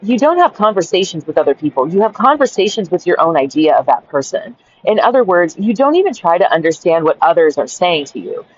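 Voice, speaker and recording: A woman's voice: lowish voice, big pitch swings, fairly quick, few pauses, darkish tone, slight background noise. Woman ranting thru her journal, cussing, fed up, kinda muffled lo-fi audio. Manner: blunt, profane, exasperated. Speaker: caregiver. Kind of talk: reading a journal aloud and ranting.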